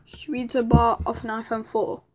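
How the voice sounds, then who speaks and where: A woman's voice: a little high, level tone, normal speed. A woman with a Manchester accent giving casual reaction commentary, blunt, sarcastic and swearing freely. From Manchester, England. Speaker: streamer reacting to videos. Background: music from the played video.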